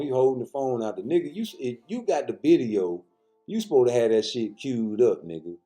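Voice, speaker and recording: A man's voice: mid-range voice, very animated, brisk, mellow, soft background music. A man giving casual, profane boxing commentary, joking loosely and talking straight to his viewers.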